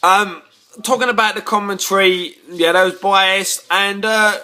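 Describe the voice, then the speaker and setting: A man's voice: sits high, fairly even intonation, a little slow, bright, forceful tone, smooth. A tipsy man, rambling to camera in a casual rant, stumbling over repeated words and swearing when riled. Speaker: vlogger.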